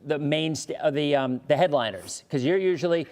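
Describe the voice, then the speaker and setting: A somewhat high-voiced American man hosting a laid-back chat show. He rambles through stories full of restarts, chuckling as he goes, the easy talk of a local weather presenter. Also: brisk, a little mellow. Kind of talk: casual interview chat.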